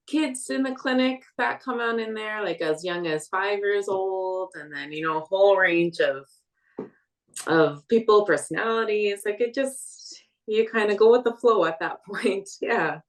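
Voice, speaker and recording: A woman's voice: medium pitch, expressive, a little slow. A woman respiratory therapist giving practical tips in a casual group chat, often affirming others. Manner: warm affirming, frequent "yeah".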